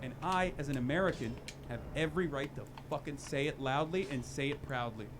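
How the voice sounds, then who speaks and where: A man's voice: medium pitch, brisk. Angry, profane male political commentator. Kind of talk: heated political rant. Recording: noisy clip played on stream.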